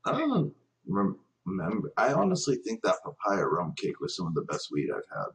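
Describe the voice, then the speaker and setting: A laid-back man hosts a stream in casual chat. His voice is very low and husky, and he explains things calmly. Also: normal speed, low-quality recording.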